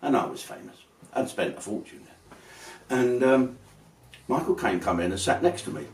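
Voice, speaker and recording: A man's voice: on the low side, very animated, moderate pace, far from the mic. An older man, telling rambling, sweary comic stories in a casual way. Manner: swearing, rambling, slips into put-on voices. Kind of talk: casual anecdotal storytelling. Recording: roomy, from off-mic.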